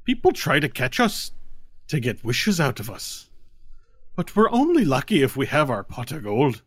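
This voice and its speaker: A man's voice: huge pitch swings, normal speed, no room sound. A man voicing a small, unlucky male leprechaun with an Irish accent, pleading to be let go. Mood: defeated. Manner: high, loud, put-upon pleading.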